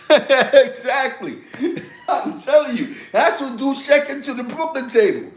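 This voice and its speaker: A man with a very high voice speaks slowly in an echoey room, swapping street and prison stories in casual chat. He's animated and laughs a lot, acting out other people's lines as he quotes them.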